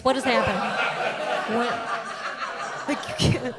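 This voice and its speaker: A woman's voice: sits high, lively intonation, moderate pace, heavy background noise. A woman in her thirties from the United States, telling sarcastic, punchy stand-up stories on stage. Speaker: stand-up comedian. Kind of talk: stand-up comedy set.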